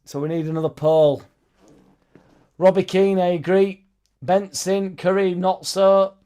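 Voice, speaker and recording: A man's voice: high voice, little pitch movement, unhurried, mellow, clear, resonant tone. A young man hosting a football fan live stream, chatting loosely and reading out viewers' comments with sweary, joking banter.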